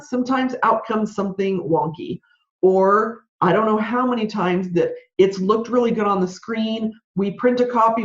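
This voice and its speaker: Fast-talking woman ranting, roomy lo-fi sound. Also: mid-range voice. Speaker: podcast host. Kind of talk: solo podcast advice.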